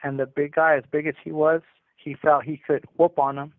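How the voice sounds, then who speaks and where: A man's voice: on the high side, level tone, normal speed, no room sound. Man telling a jail story on a tinny phone line. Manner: streetwise slang, rambling with restarts. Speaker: incarcerated storyteller calling in. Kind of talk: casual jailhouse storytelling over the phone.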